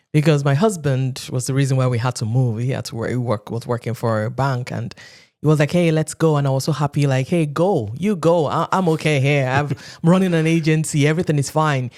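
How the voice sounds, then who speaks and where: A woman from Nigeria in her thirties, telling stories as a podcast guest and acting out quotes in animated voices. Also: a bass voice. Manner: animated storyteller who acts out quotes, often laughing. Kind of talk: casual interview talk.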